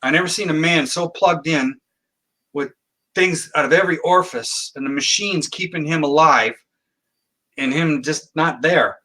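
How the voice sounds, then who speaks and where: Man, podcast guest, animated storyteller, bright tone. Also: fairly high pitch, normal speed. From Canada. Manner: animated storyteller, acts out quoted dialogue. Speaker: guest psychic.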